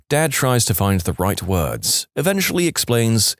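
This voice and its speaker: A man hosting a podcast, reading jokes aloud in a deadpan way. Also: mid-range voice, a little slow, hardly any pauses, no echo, studio quality. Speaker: podcast host.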